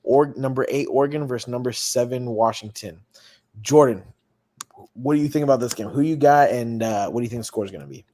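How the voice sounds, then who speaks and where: A man's voice: medium pitch, a little fast, mellow. A young man hosting a casual sports podcast, easygoing and laughing often as he asks for predictions. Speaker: podcast host leading picks.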